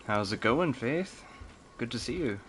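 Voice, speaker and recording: A goofy male streamer chats with his live audience, giggling often as he goes. He talks slowly with a lively, bouncing pitch. There is clear noise behind his desk mic. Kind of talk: casual live-stream chat while gaming.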